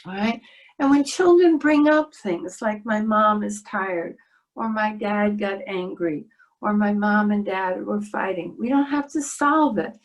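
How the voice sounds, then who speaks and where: A woman's voice: medium pitch, a little slow, rough recording. A middle-aged woman giving a talk on a video-call webinar, telling stories in a reflective way. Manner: storytelling, warm and reflective. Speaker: child development speaker.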